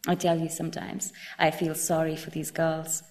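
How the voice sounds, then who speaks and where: A woman's voice: deep voice, flat delivery, measured pace, darkish tone, voice pushed down. A woman reading as a boastful bar patron. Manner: vigorous, lecturing, full of local slang. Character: boastful male bar patron, leering and chatty. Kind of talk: reading a book passage aloud.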